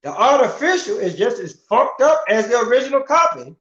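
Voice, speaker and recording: A man's voice: very high voice, big pitch swings, brisk, a bit bright. A middle-aged man in a casual, profane rant as a livestream host, asking rhetorical questions with emphasis. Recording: roomy, dull lo-fi sound.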